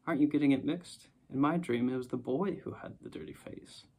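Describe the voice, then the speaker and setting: A man voicing a dreamy, contented young girl in an audiobook, speaking softly and unhurriedly. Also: medium pitch, fairly quick, vocal fry. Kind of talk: audiobook character reading.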